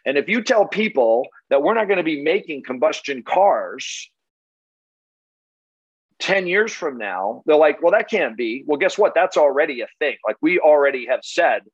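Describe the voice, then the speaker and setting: A man's voice: fairly high pitch, lively intonation, normal speed, breathy edge, dry recording, lo-fi sound. A man giving a blunt, punchy sales talk full of rhetorical questions and the odd curse. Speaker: solar sales trainer.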